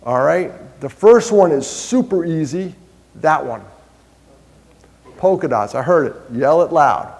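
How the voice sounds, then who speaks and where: Animated man speaking in a reverberant hall. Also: on the high side, unhurried. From New York. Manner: animated storyteller, quizzes the crowd, jokes about himself. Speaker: mental health speaker. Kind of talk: live motivational talk to an audience. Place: large hall with an audience.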